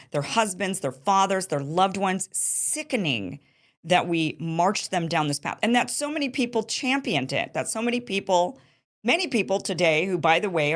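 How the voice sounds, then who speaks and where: Woman show host, lowish voice, emphatic and indignant political commentary.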